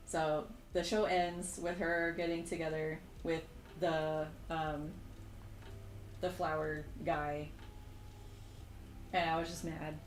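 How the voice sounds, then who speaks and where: Animated young woman vlogger, roomy sound. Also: takes it slowly, long pauses, soft background music. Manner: animated, exasperated storytelling with sudden jumps in pitch. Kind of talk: casual chat while drawing.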